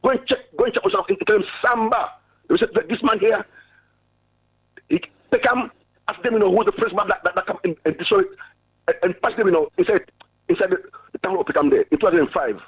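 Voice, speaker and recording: Fast-talking high-voiced man on a phone line. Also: husky, dry recording. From Africa. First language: not English. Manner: forceful, repetitive, stammering. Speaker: caller. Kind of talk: passionate call-in speech.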